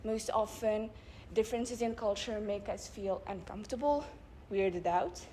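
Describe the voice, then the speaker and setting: A young woman delivering a public speech at a debate club event, building her points with rhetorical questions and measured emphasis. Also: medium pitch, dark tone, a little hiss or hum. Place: live event before an audience.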